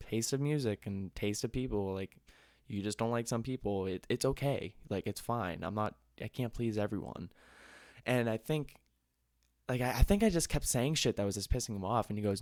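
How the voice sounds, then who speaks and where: A young man tells a rambling story, full of swearing and restarts. His voice sits low, and the sound is dry and close, with no room around it. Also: brisk, darkish tone, no room sound. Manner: rambling, profane, laid-back storytelling. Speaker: podcast host. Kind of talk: casual storytelling.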